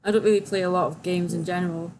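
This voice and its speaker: A woman's voice: fairly low pitch, fairly even intonation, racing, darkish tone, slight background noise. A young woman hosting a casual livestream, chatting and reading viewer questions aloud. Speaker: livestream host.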